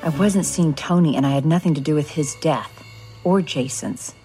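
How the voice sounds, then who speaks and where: A woman's voice: sits low, moderate pace, mellow, faint music behind, natural voice. An actress playing a cornered woman who denies her guilt in a flustered, defensive way in a film drama.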